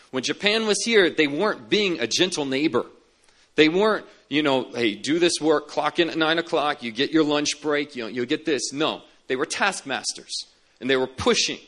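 A man's voice: on the high side, fairly bright tone. A man preaching a sermon as a pastor, telling stories earnestly and repeating key words for emphasis. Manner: earnest storytelling with emphatic repetition.

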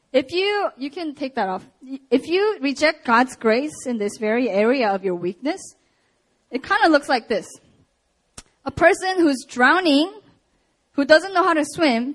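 Woman, young adult, preacher, sermon, personal storytelling, higher voice. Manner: animated storytelling with laughs and acted-out quotes.

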